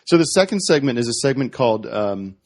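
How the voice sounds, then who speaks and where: A man in casual podcast chat, retelling a story with many restarts and quick corrections. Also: mid-range voice, big pitch swings. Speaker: podcast guest.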